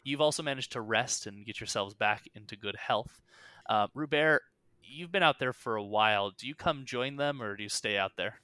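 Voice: medium pitch, moderate pace, pushed and bright, no room sound. A game master narrating a tabletop game in a loose, rambling way with many fillers.

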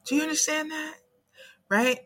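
Gentle, motherly ancestor spirits speak in a raised, coaxing voice, as a woman puts them on. They soothe and gently scold, with a bright, sharp tone. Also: sits high, steady tone, normal speed, pitched above the performer's own voice. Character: kindly elevated ancestor spirits, soothing elders.

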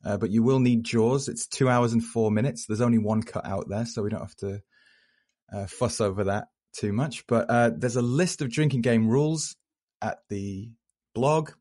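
A man co-hosting a podcast, talking casually and calmly explaining how things work. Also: mid-range voice, normal speed. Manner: relaxed, explanatory. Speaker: podcast co-host. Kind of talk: casual chat.

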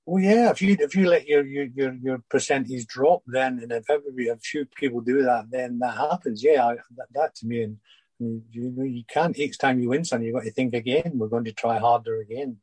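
An older man, a former footballer, telling anecdotes in a relaxed interview with many restarts and fillers. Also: mid-range voice, a little fast, husky, no echo, poor audio.

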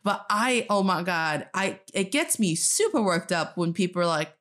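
A woman's voice: on the low side, expressive, normal speed, fairly bright tone. A young woman from China, co-hosting a casual chat and telling stories animatedly, acting out other people's lines. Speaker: co-host.

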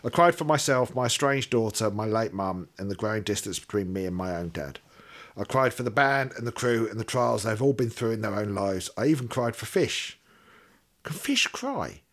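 A man reads a listener's letter on a podcast, in a fairly low voice. He keeps a steady reading pace and drops in dry little asides of his own. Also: a little fast. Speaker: podcast co-host.

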